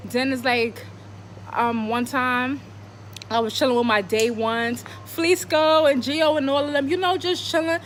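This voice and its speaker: A woman tells a personal story in a casual vlog, animated and profane, full of dramatic rhetorical questions. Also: high-pitched, unhurried, a little hiss or hum. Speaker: vlogger telling a personal story.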